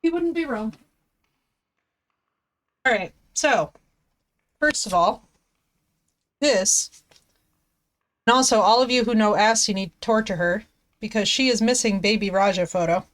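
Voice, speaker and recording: With a mid-range voice, a measured pace, and frequent pauses, a woman live-streams a game over a headset. Her chat is casual and playful with viewers, and she coos at her dog.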